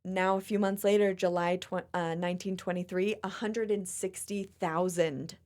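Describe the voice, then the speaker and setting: A woman hosting a podcast in a chatty, expressive, casual way. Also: on the low side, normal speed. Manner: chatty and expressive, often laughing. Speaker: podcast host. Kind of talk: casual chat.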